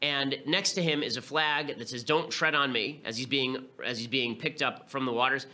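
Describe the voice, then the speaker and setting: Male podcast host, very sharp tense tone, fast and emphatic, openly scornful. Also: medium pitch. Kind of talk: political commentary monologue.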